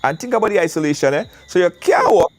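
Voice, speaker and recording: A high-pitched, quick-paced Caribbean man hosts a live call-in show outdoors in the wind, with faint music behind him. He's casual but animated, emphasizing points by repeating words often.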